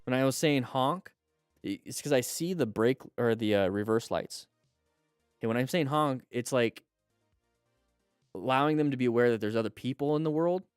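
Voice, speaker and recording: A man hosting commentary on riding videos, coaching like an instructor. He asks questions and answers them himself, and breaks into excited exclamations at near misses. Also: medium pitch, normal speed, pauses often, clean tone, dry recording, faint music behind. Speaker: motorcycle riding instructor and host.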